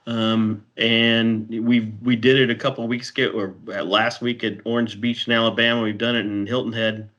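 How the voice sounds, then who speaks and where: A middle-aged man co-hosting a podcast in casual chat, rambling and halting with restarts. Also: mid-range voice, little pitch movement, fairly bright tone, lo-fi sound. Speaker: podcast co-host.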